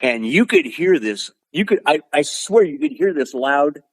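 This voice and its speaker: An older man from Oregon, a martial arts instructor telling stories as an interview guest, lively and acting out quotes. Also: on the high side, a little slow, hardly any pauses, slightly rough, no room sound. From Oregon, USA. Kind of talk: animated storytelling.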